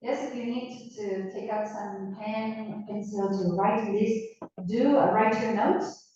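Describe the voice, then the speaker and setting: Slow-talking teacher with an Argentine accent. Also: female voice, mid-range voice, steady tone, warm tone. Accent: Argentine Spanish. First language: Spanish. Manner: slow, encouraging, asks questions and repeats words. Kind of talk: classroom lecture. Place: university classroom. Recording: echoey classroom, distant mic, dull sound.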